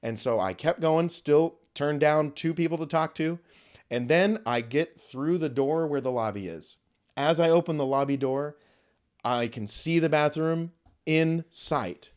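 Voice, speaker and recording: A man's voice: fairly high pitch, unhurried, a little mellow. A young man hosting a podcast, telling a story casually and with animation, swearing freely and acting out quoted voices. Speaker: podcast host.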